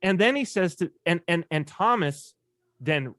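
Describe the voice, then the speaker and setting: Brief: man, podcast guest, animated storyteller, swinging lively pitch, dry close sound. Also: unhurried, no echo. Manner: animated storyteller, acts out quoted voices. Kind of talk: casual conversation.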